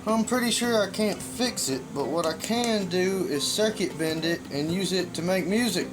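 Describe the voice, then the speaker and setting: A middle-aged man hosts a casual DIY vlog, loud, joking and quick to swear. His voice sits high for a man. Clear music plays behind him. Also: lively intonation. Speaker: channel host, circuit bender.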